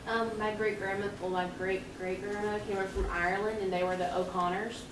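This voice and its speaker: Student girl answering in class, kinda hesitant, flat lowish voice, far off in an echoey room. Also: fairly quick. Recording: distant, echoey, noisy classroom.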